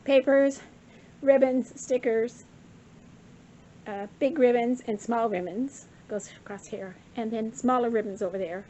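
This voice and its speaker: A woman's voice: fairly high pitch, fairly even intonation, a little slow, mellow, low-quality recording. An older woman giving a casual, rambling show-and-tell of her craft supplies, slightly out of breath and correcting herself as she goes. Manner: rambling, chatty, self-correcting. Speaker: craft vlogger.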